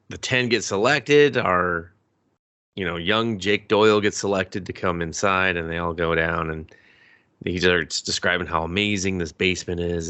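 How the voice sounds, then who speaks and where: A young man co-hosting a casual movie review podcast, loose and profane, acting out scenes in quick quoted voices. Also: low-pitched, pushed and bright. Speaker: podcast co-host.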